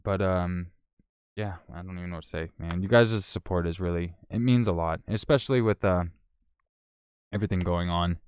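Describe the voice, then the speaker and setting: A man's voice: low voice, normal speed, darkish tone, clear, resonant tone, no echo. A man chatting casually on a live stream, thanking donors by name in a laid-back way, swearing and laughing as he goes.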